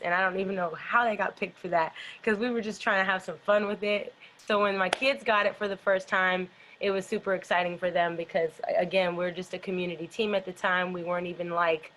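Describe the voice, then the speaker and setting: A woman's voice: on the low side, fairly bright tone, a little hiss or hum, low-quality recording. A middle-aged woman being interviewed about her dance company, telling stories in a loose, rambling way with lots of fillers. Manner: rambling, filler-heavy storytelling. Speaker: dance company founder, guest. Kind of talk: casual interview chat.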